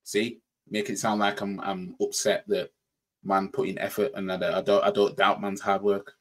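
Low-voiced Yorkshire man reacting casually. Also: level tone, normal speed. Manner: rambling, repeats words while thinking. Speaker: reaction channel host.

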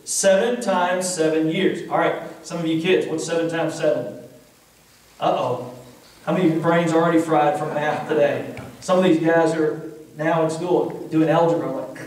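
A man preaching a sermon with a Kentucky accent, telling stories to his congregation and reading scripture aloud in an animated way. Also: a little high, normal speed. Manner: storytelling, animated, talks to the congregation. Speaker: pastor. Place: church sanctuary. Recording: echoey church hall recorded from a distance.

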